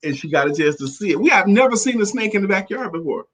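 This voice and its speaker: A man's voice: high-pitched, lively intonation, quick pace, fairly bright tone. A man co-hosting a talk show in casual chat, playful and teasing, laughing often. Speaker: co-host.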